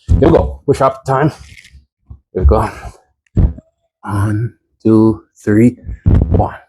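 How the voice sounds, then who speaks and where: A man's voice: fairly low pitch, mellow, breathy edge, rough recording. A man coaching a home workout while doing it, counting reps aloud and checking in with "right?" and "okay?", his voice strained from exercising. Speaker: fitness instructor.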